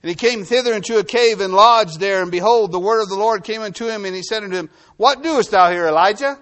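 A man preaching a sermon, reading scripture aloud and then explaining it, swinging between forceful bursts and low hushed phrases. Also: steady tone, fast talker. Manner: reads scripture then preaches with rising and falling intensity; drops to a low hushed voice for emphasis. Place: New Mexico.

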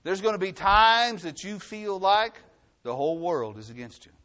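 A man preaching a sermon, reading scripture aloud with loud emphatic lines and dropping to quiet asides. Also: high voice, sing-song, normal speed.

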